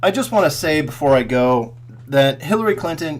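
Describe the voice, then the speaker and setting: A man delivers a furious, profanity-laced rant in a slightly high voice. He mocks his target with sarcasm, and his volume swings from loud outbursts down to mutters. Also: lively intonation, moderate pace. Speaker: political commentary vlogger.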